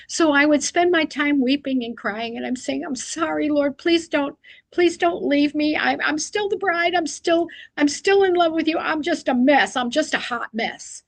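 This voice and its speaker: A woman's voice: medium pitch, fairly bright tone, no room sound, rough recording. A middle-aged woman sharing a personal devotional reflection, speaking earnestly and confessionally, sometimes poking fun at herself. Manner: earnest and confessional, often self-deprecating.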